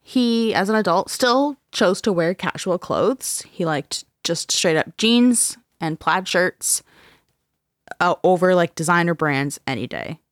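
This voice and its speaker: A woman co-hosting a true-crime podcast in casual chat, animated, laughing often and swearing freely. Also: on the low side, measured pace, no room sound, studio quality. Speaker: podcast co-host.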